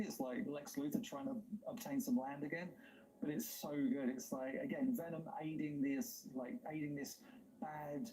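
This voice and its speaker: A man's voice: fairly high pitch, steady tone, normal speed, mellow, slight background noise, low-quality recording. Enthusiastic rambling man hosting a stream. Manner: enthusiastic, rambling, laughs often. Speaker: livestream host. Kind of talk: casual chat.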